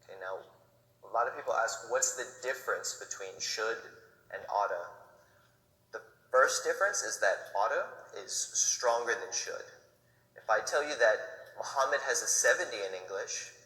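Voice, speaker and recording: A man teaching English grammar, explaining rules patiently and reading example sentences aloud, first slowly and then at natural speed. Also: medium pitch, sharp tone, recorded from a distance. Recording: echoey room with long reverb.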